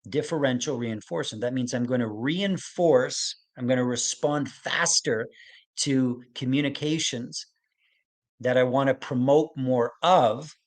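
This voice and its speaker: Middle-aged male expert, gentle webinar lecture, repeats key points, asks if it makes sense. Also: medium pitch. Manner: explains slowly with repeated phrases and acted examples; gentle, checks in with listeners. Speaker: autism expert presenting a webinar.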